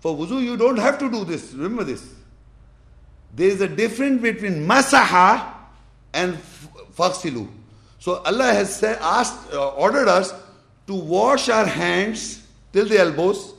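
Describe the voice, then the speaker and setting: Male religious teacher with a high, gravelly voice, emphatic and repetitive as he demonstrates. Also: expressive, unhurried, a bit bright. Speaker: Islamic teacher. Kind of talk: explanatory religious lesson with demonstration.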